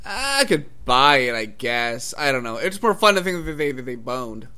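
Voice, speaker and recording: A man's voice: medium pitch, big pitch swings, normal speed, pushed and bright, clean tone. A man co-hosting a casual chat, tossing in wry, sarcastic asides. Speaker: podcast co-host.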